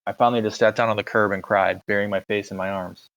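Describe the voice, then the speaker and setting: A man with a fairly low voice reads a novel aloud. His narration is plain and steady, told in the first person. The recording sounds dull and lo-fi. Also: fast talker. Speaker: audiobook reader.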